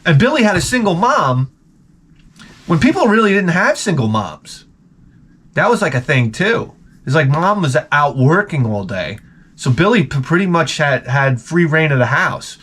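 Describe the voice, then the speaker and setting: Husky yet a bit bright, his fairly high voice has a sing-song lilt at a normal speed. The man is a vlogger telling crude, funny stories, wandering off track, laughing often, and voicing the people in them.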